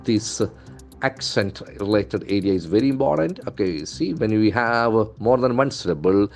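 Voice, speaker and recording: A male English trainer, not a native speaker, teaching pronunciation in a lesson, repeating words slowly and stressing their syllables. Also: on the low side, expressive, gravelly, faint music behind. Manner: stock phrases "okay, see", "very interesting".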